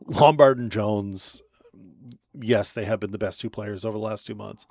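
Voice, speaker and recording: A man's voice: lowish voice, vocal fry, a little mellow, no room sound, clean studio sound. Sarcastic man bantering about sports. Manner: joking, sarcastic, quick back-and-forth. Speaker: sports talk co-host.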